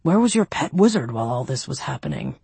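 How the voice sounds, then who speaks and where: A woman reading the lines of a gruff, battered male soldier who barks orders. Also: a bass voice, huge pitch swings, fast, mellow, dry recording, voice pushed down, heavily acted. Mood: grim. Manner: barking orders.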